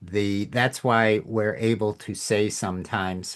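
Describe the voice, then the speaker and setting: A man's voice: lowish voice, steady tone, slow, hardly any pauses. A man hosting a communication podcast, giving an informal lesson in a reflective, emphatic way. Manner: reflective, emphatic, acts out tones in examples. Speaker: podcast host teaching communication.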